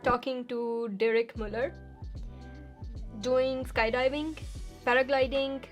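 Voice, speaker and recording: A young woman with a fairly high voice answers viewer questions in a relaxed, chatty way. She sounds upbeat, pausing to think and then brightening with cheerful exclamations. Soft music plays faintly under her voice. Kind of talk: casual Q&A chat.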